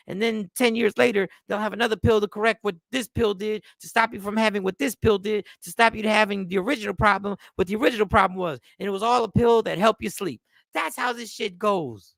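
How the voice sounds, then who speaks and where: A middle-aged man hosts a loose, profane comedy talk show, riffing and reading comments aloud. His voice is high, with a gravelly edge and a bright, forceful ring. It is recorded close and dry. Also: fast, no room sound. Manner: animated, joking, swearing, reads chat comments aloud. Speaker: host.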